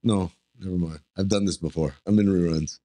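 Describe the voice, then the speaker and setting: A man co-hosting a comedy podcast, cracking quick jokes in casual chat. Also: low-pitched, fairly even intonation, mellow. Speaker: podcast co-host.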